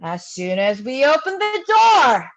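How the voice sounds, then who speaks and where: A woman reading the part of an eager young aspiring writer who leads the group, full of quick questions, in a live play reading. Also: high-pitched, sing-song, muffled recording, full character voice. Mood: excited.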